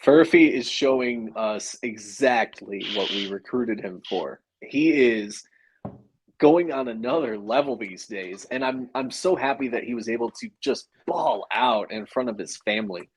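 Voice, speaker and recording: A man's voice: mid-range voice, animated, a little slow, slight background noise, poor audio. A man co-hosting a sports podcast, speaking eagerly and laughing easily. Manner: enthusiastic, laughing easily, with fillers. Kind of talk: casual sports podcast chat.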